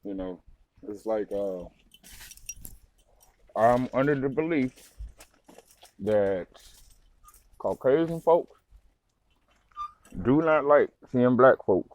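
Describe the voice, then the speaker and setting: A man, a truck driver, telling a story in a casual vlog, animated, swearing freely and full of fillers. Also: medium pitch, slow, pauses often.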